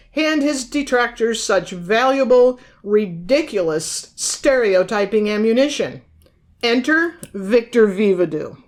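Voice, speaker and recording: A woman co-hosting a podcast, reading aloud from her own book and old news clippings in a measured way, naming and quoting her sources. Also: fairly high pitch. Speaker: podcast co-host and author. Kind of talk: reading aloud from research notes.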